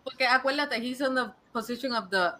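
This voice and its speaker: Bright-voiced woman mixing two languages. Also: on the high side, fast talker, slight background noise. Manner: switches between Spanish and English mid-sentence. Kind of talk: casual chat.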